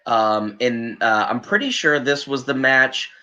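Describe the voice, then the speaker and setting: A man's voice: medium pitch, measured pace, pushed and bright, lo-fi sound. A man co-hosting a casual wrestling podcast, rambling with stammered restarts and swearing. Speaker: podcast co-host. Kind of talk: casual chat.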